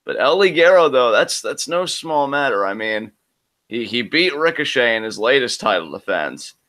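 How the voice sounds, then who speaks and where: Bright-voiced man calling a live reaction. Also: mid-range voice, very animated, moderate pace. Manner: analytical, talks through predictions with many "I mean"s. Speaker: co-host of a wrestling reaction show.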